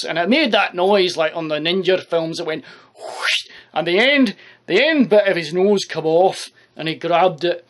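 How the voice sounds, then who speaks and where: A man's voice: on the high side, a bit bright. A man giving a crude, profane, rambling comic monologue to the camera. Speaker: comedy vlogger.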